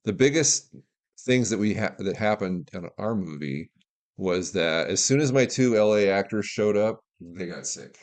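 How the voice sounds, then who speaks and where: A man's voice: fairly low pitch, animated, moderate pace, a little mellow. A man from Alaska, a guest filmmaker telling candid, opinionated behind-the-scenes stories in a casual podcast interview. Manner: candid, opinionated, talks through anecdotes.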